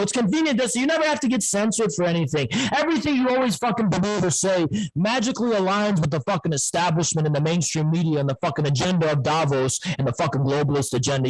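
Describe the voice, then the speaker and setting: A man's voice: high voice, rough recording. A man in a heated online debate, ranting aggressively with constant profanity and repetition. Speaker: debate guest.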